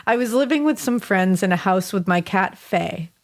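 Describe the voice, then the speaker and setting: With a mid-range, animated voice at a normal pace, this podcast co-host chats casually with frequent laughter and offhand swearing. She also reads a listener's story out loud.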